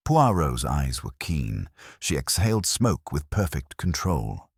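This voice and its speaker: A man giving scripted narration of a mystery in a measured storytelling manner. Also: extremely low pitch, very animated, vocal fry, breathy edge, no echo, studio quality.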